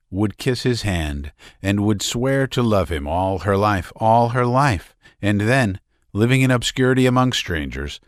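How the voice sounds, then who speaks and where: Casting: male audiobook narrator, fairly low voice, dry close recording, measured delivery. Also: dry recording. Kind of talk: scripted literary narration.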